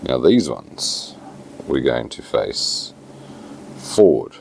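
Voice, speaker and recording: Very deep, gravelly New Zealand man. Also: extremely slow, a little hiss or hum. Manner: relaxed, plain-spoken, lots of fillers. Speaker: fly tying instructor. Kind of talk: casual step-by-step tutorial.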